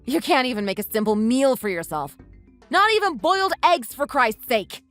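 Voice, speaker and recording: A text-to-speech woman's voice voicing a scornful, sharp-tongued young wife who scolds her husband in a text-message story. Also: high voice, expressive, moderate pace, faint music behind. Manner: mocking, scolding.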